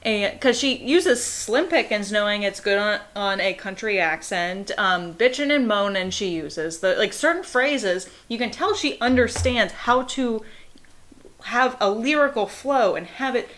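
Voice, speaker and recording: A young woman from the Pittsburgh area with a Pittsburgh accent, a guest on a casual podcast, talking in an animated way with quick asides and laughs. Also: medium pitch. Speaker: guest reviewer.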